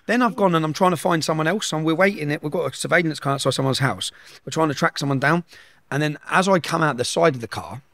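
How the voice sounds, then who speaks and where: A man's voice: fairly high pitch, quick pace, fairly bright tone, dry recording, clean studio sound. A middle-aged man, telling a story at speed in an interview and acting out the dialogue. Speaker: guest.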